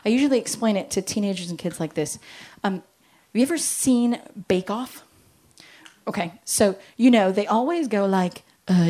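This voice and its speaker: A woman and parent giving a lively Christian talk on parenting, joking and acting out little quoted voices. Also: medium pitch, fairly quick. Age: adult with children. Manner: animated, jokey, acts out quotes.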